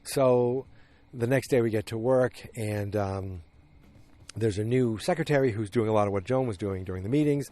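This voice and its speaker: A man hosting a podcast, casually recapping a TV episode in a rambling, animated way. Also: fairly low pitch, normal speed. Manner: rambling, animated retelling with acted quotes. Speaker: podcast host.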